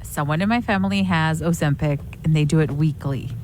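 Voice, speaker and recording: A woman co-hosting a radio show, chatting casually. She reacts quickly, laughs along and corrects her partner. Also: sits low. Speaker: radio co-host. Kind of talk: casual on-air chat. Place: radio studio.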